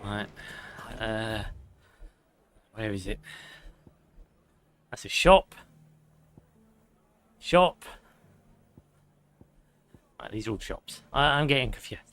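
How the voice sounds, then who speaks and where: A man's voice: on the low side, animated, drawn-out words, long pauses, a bit bright, clear, resonant tone. A young man chatting casually to his viewers while playing a video game, swearing now and then and reading chat aloud. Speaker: gaming streamer. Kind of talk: casual live gameplay commentary. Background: game music.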